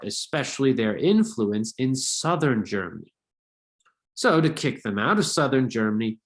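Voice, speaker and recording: A male history teacher giving a casual video lecture, his pitch rising and falling animatedly. He talks conversationally and drops jokey asides as he explains.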